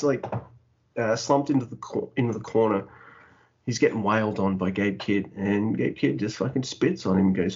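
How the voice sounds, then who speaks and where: Male podcast co-host, casual and animated, profane, dull lo-fi mic. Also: on the low side, moderate pace. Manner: animated, swears a lot, acts out wrestlers' lines. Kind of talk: casual wrestling chat.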